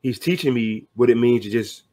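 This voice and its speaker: Middle-aged guy on a podcast, earnest and fired up, slangy, normal pitch. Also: normal speed, mellow. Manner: earnest, motivational, conversational slang. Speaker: podcast guest. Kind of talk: casual podcast conversation.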